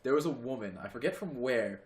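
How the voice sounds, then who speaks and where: A man's voice: mid-range voice, lively intonation, fairly quick, reverberant. A man co-hosting a podcast in casual chat, rambling with lots of "like" and plenty of swearing, recorded in a friend's home. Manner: rambling, heavy use of "like", swears freely. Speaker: podcast co-host.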